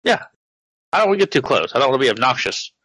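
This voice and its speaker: A man's voice: medium pitch, sing-song, rapid-fire, sharp tone, slightly rough, no echo, rough recording. A man in a mid-range voice plays a tabletop game, describing his setup in a loose, laid-back ramble. The sound is close and dry. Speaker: player. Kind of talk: casual tabletop game play.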